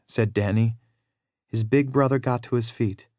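A man narrating a children's storybook in a steady, measured read-aloud manner. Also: medium pitch, dry recording, studio quality.

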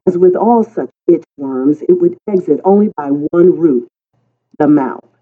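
An audiobook narrator reading a story in a calm, unhurried way that turns lively in dialogue. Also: medium pitch. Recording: tinny phone-like sound.

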